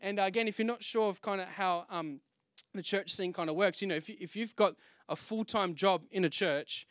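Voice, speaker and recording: High-voiced pastor telling his story. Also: fairly quick, fairly bright tone, no echo, studio quality. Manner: storytelling, acts out his own past exclamations; frequent restarts and fillers, conversational. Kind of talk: testimony sermon.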